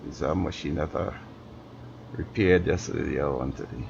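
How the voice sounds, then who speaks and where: Very deep, gravelly, tired male streamer. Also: darkish tone. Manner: slow, mumbling, talks to himself. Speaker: gaming streamer. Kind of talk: casual gameplay commentary. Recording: dull lo-fi stream audio with background noise.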